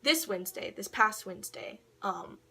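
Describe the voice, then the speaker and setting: A teenage girl talks straight to camera in a loose, rambling way, cursing casually and slipping into quoted voices. Her voice is bright and forward, sitting at an ordinary pitch for a young woman. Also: expressive, moderate pace, gravelly, husky. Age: teens. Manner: rambling, swearing, laughs often, acts out quotes. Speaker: vlogger. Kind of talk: casual storytelling vlog.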